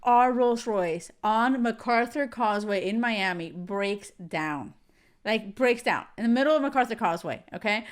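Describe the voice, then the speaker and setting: Woman podcast host, animated storyteller, fairly high voice, casual chat. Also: moderate pace, clean tone. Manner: animated storyteller, laughs often.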